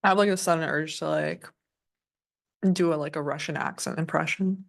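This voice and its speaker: A woman's voice: deep voice, fairly even intonation, moderate pace, creaky. A young woman casually chatting as a co-host of a live trading stream, rambling with lots of fillers and restarts. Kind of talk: casual livestream chat.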